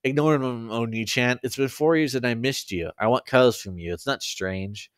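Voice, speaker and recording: A man reading aloud, voicing a petite, possessive young girl who talks in a soft, coaxing way. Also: mid-range voice, moderate pace, clean tone, no echo, clean studio sound, natural voice. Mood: clingy, coaxing.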